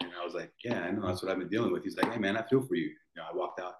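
A man in his forties tells his story as a podcast guest, rambling and restarting his sentences as he goes. His voice sits on the low side. The room has a noticeable echo around him. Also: fast, darkish tone, a little hiss or hum. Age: 40s. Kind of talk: emotional storytelling. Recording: roomy echo.

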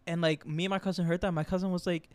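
A young adult man co-hosting a casual chat, telling stories in a relaxed, slangy way. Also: high-pitched, fast, dry recording. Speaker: podcast co-host.

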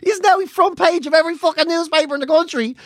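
A woman's voice: very high voice, quick pace, background noise. Sweary Irish woman telling a story. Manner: animated storytelling, sweary, laughing. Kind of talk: casual chat.

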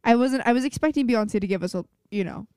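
Young woman, podcast co-host, excited casual chatter, higher pitch, dry sound. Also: quick pace, smooth, no echo. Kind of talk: casual chat.

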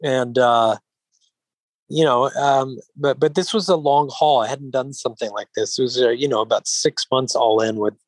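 A man speaks in a calm, even-keeled way as an interview guest, his voice sitting at a middling pitch. He wanders through his thoughts, restarting sentences and leaning on filler phrases. The sound is dry and close, with no room echo. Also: normal speed. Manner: rambling with frequent restarts and "you know". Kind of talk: relaxed interview conversation.

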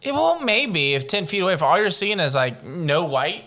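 A man's voice: high voice, big pitch swings, moderate pace, pushed and bright. A man hosting a casual podcast, reading a listener's scary story aloud and breaking off into profane jokes. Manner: profane, joking commentary. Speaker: podcast host.

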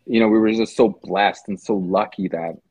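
A South African man, a guest on a podcast, chats casually in loose slang, restarting often and using lots of fillers. His voice sits on the low side, steady and a little mellow with some huskiness, at a normal pace with no echo. The audio is tinny, like a phone call.

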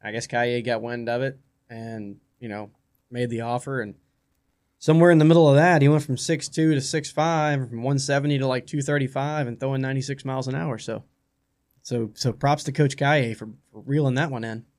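A man hosts a sports talk show from a radio studio. His voice sits at an ordinary middle pitch. He rambles in a casual, excited way and keeps doubling his words. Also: brisk.

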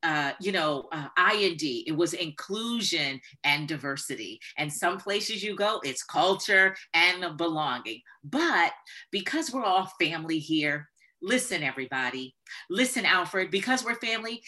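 A woman speaking as a guest expert in an interview, emphatic and building to forceful points. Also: on the low side, lively intonation, measured pace. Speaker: guest expert on corporate diversity. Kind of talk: conversational interview talk.

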